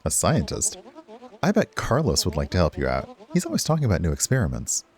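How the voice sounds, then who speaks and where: A man's voice: low voice, wildly swooping pitch, fairly quick. Brief: a man reading a yawning, bored young shopkeeper in a cosy game. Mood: drowsy. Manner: bored, drowsy. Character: sleepy young male shopkeeper.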